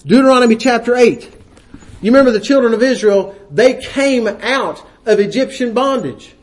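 A man's voice: extremely high pitch, normal speed. A man preaching a sermon, quoting scripture and acting out little asides, often checking in with the congregation. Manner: frequent "right?" checks to the congregation.

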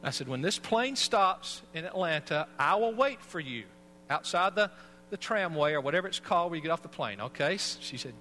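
A man's voice: fairly high pitch, lively intonation, moderate pace, pushed and bright, slight background noise. A man, a pastor, preaching a sermon and telling a personal story in an earnest way. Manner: earnest storytelling, acts out voices.

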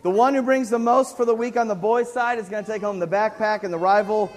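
High-voiced energetic kids' church leader. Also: male voice, fast. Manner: energetic, coaxing, sings and shouts cues. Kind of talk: leading a kids' song game.

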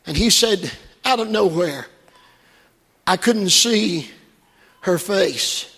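A man preaching a sermon from the pulpit, moving between quiet storytelling and shouted, fervent peaks. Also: high-pitched, expressive, slow, husky, in a large hall. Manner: preaching that swings from hushed storytelling to shouted climaxes. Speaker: pastor. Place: church sanctuary.

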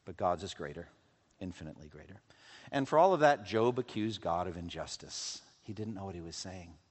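A man preaching a sermon, swinging from loud, intense passages to hushed, quiet lows. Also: expressive, fairly quick, breathy edge. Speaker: pastor. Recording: long hall reverb.

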